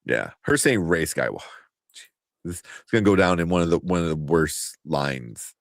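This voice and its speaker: Man, low voice, lively and swearing, casual podcast co-host, dry sound. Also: gravelly, no room sound. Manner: animated, swearing, quick impressions of people. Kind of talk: casual movie chat.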